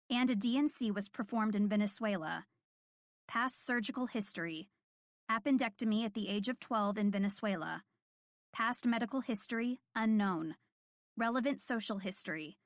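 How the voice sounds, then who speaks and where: Woman, audiobook narration, calm, measured, clear diction, fairly high voice, dry close sound. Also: no echo. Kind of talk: scripted first-person audiobook narration.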